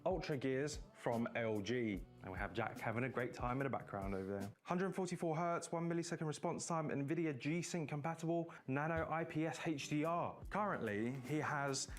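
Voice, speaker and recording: A man's voice: a little high, normal speed, few pauses. A man presenting a gaming setup video, joking and running through gear in a casual way. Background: music.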